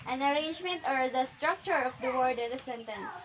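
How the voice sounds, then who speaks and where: Woman student, high voice, soft tentative answers, noisy dull audio. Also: fairly quick.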